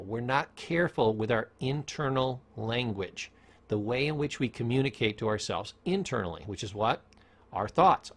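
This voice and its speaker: Middle-aged male lecturer, mid-pitched, conversational and emphatic, casual teaching delivery. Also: fairly bright tone. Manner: conversational, emphatic, acts out quotes. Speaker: former therapist teaching a self-help course.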